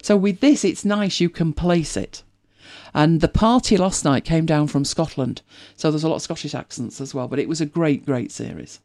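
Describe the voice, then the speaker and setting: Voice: mid-range voice, moderate pace, darkish tone. Chatty British host, rambling. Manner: chatty and rambling, with many restarts. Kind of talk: casual chat.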